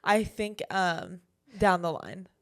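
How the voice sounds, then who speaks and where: A woman's voice: fairly low pitch, slow. A young woman podcast co-host telling a story in casual chat, swearing freely and acting out what people said. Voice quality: swears freely, animated retelling with quoted voices.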